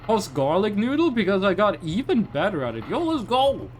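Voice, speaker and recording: A young man chats with his stream audience in a loose, rambling way and often trips over his sentences. His voice sits high and swings widely in pitch. A faint noise runs underneath. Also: sing-song, normal speed. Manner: rambling, chatty, reacting to chat with frequent restarts. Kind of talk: casual live-stream chat.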